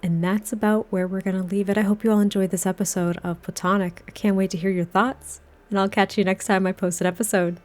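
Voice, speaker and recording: A woman's voice: mid-range voice, flat delivery, fairly quick. A woman casually narrating a life-sim game story, chatting to her viewers with lots of fillers. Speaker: Sims story let's-player.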